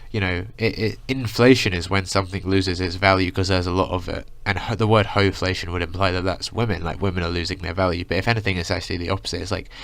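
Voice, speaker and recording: A man's voice: sits low, fairly even intonation, fast talker, creaky, hardly any pauses, a bit bright, dry recording. A young man ranting through a casual storytime, rambling with lots of filler words. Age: young adult. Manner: rambling, full of "like" and "you know". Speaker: vlogger.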